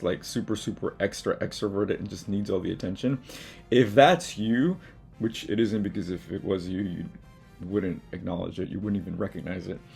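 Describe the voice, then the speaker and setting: This artist's voice is low, creaky and husky. Hosting his own art video from the studio, he talks to camera casually and frankly about habits worth dropping, swearing and poking fun at himself in a motivational vein.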